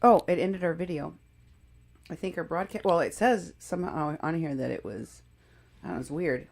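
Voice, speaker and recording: A woman's voice: low voice, normal speed, vocal fry, a little mellow. A woman hosting a live political commentary show, talking emphatically and indignantly, often restarting her sentences. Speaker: show host.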